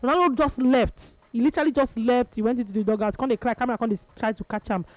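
Lively Nigerian woman hosting a chat show. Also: a little high, fast, no room sound, lo-fi sound. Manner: lively, laughing, playful storytelling. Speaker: radio show host. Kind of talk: casual chat in Nigerian Pidgin and English.

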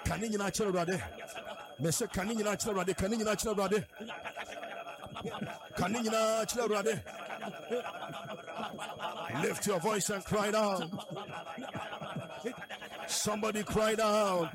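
A man leading prayer, chanting rhythmically in tongues and breaking into laughter between calls. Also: high-pitched. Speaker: prayer leader. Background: loud music.

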